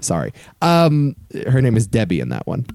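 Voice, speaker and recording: A man co-hosting a casual film podcast, talking in an exasperated, lively way and swearing freely. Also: medium pitch, normal speed, vocal fry, no room sound, clean studio sound. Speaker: podcast co-host.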